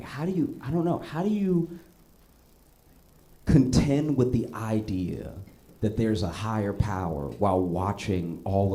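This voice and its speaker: A male stand-up comedian telling stories in a conversational way, breaking into animated, high-pitched rants. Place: comedy stage.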